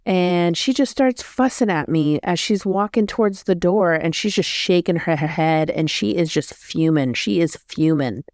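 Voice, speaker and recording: A woman's voice: lowish voice, measured pace, few pauses, darkish tone, no room sound, studio quality. A woman vlogger telling a story in a casual, rambling way, often correcting herself. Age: adult.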